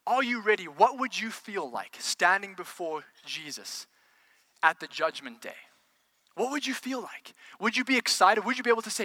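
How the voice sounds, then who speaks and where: A man's voice: high voice, normal speed, sharp tone, no echo. A man preaching a sermon, firing rhetorical questions at the congregation and repeating words as he builds momentum.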